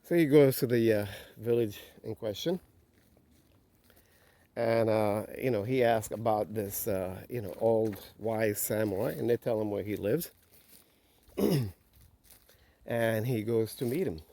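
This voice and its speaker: Guy telling a story while walking outdoors, relaxed, lots of "you know", warm dark voice. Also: on the low side, measured pace, long pauses. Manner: relaxed, many filler phrases. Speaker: vlogger. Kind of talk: storytelling on a walk. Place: outdoors on a nature walk.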